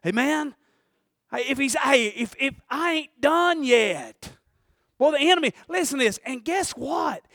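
A male pastor delivers a fired-up sermon, swinging between shouts and near-quiet asides while calling for amens. His voice sits unusually high for a man and rings bright. The sound is dry and close, with no room echo. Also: normal speed. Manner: animated, call-and-response, shouting then dropping quiet.

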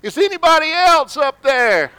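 A preacher voicing a desperate man hanging from a cliff, yelling for help in a raised voice. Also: extremely high pitch, big pitch swings, normal speed, no room sound, pitched above the performer's own voice, heavily acted. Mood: panicked.

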